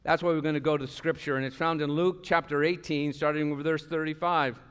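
A man preaching a passionate sermon as pastor of a church, swinging between loud calls and quiet asides. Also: a little high, fairly even intonation, fairly quick, smooth. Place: church sanctuary. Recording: long hall reverb.

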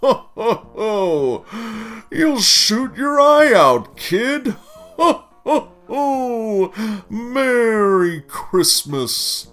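A booming, hearty old department-store Santa, as a male storyteller puts him on, his baritone rolling out in slow, drawn-out laughs. He is a larger-than-life figure from a spoken storybook, loud and jolly. Soft guitar music plays faintly behind him. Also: very animated, full character voice.

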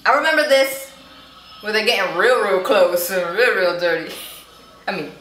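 A woman's voice: medium pitch, animated, moderate pace, a bit bright. Chatty young woman in an echoey room. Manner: chatty, giggly, voices the people on screen playfully. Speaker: YouTube reaction host. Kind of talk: casual reaction commentary. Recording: echoey room with faint noise.

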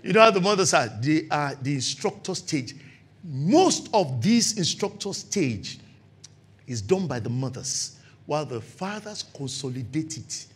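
A man's voice: on the high side, unhurried, husky. A man with a Nigerian accent preaching a sermon, acting out scenes and laughing along the way. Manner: animated, acts out scenes with laughter. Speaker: pastor. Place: church.

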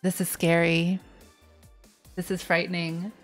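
A woman's voice: lowish voice, little pitch movement, a little slow, faint music behind. A woman streaming a video game, chatting casually and laughing at herself. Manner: giggly, self-mocking.

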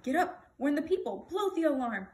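A woman's voice: high voice, animated, moderate pace, a little hiss or hum. A woman voicing a frantic, earnest young boy page who pleads breathlessly with the grown-ups. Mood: urgent.

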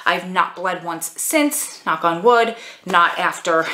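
A woman's voice: fairly low pitch, takes it slowly, bright, forceful tone. Breathless chatty woman in her forties. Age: 40s. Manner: chatty, rambling, fillers like "like". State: short of breath. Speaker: vlogger. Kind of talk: casual chat to camera. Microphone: phone camera. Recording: echoey room.

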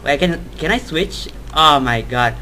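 A man's voice: a little high, expressive, a little slow, pushed and bright, slight background noise, rough recording. A young man playing a horror video game, reacting with panic, talking to the game and screaming at jump scares, in non-native English phrasing. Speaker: gamer. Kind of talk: horror game let's play commentary.

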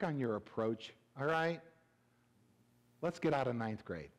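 A middle-aged male pastor preaching a humorous sermon, animated and joking, swinging between loud bursts and hushed asides. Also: medium pitch, a little slow, pauses often. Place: church sanctuary. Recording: reverberant church hall.

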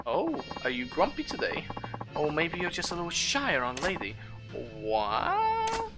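A man's voice: a little high, sing-song, moderate pace, voice pushed up. A man voicing a flirty adult woman hostess in a game, reading subtitles aloud in a gushing, cooing way. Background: game music.

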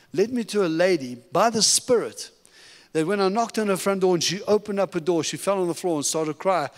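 A middle-aged man from Africa giving a sermon testimony as a guest preacher, telling his story in an animated, humorous way. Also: high voice. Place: church sanctuary. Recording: long reverb of a church hall.

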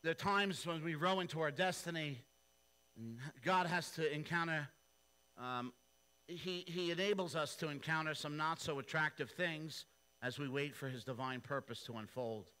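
Male pastor, sermon, bright forceful voice, slightly high, playful storytelling. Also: moderate pace, clear, resonant tone, poor audio. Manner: animated, playful, slangy storytelling.

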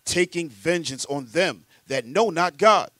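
A man reading scripture aloud in a steady, formal way, heard from off-mic across the room. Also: a little high, unhurried, dry recording. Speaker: scripture reader.

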